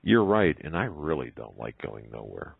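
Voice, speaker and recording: A man's voice: rumbling low, very animated, normal speed, gravelly, husky, no echo, heavily acted. A man voicing a shy, unsure young male elephant in a read-aloud story. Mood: timid. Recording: tinny phone-like line.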